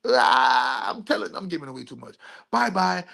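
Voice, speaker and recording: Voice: medium pitch, big pitch swings, fast, vocal fry, fairly bright tone, husky. A spiritual video host in a rambling monologue, asking and answering their own questions with playful wordplay and repeating phrases in a sing-song rhythm.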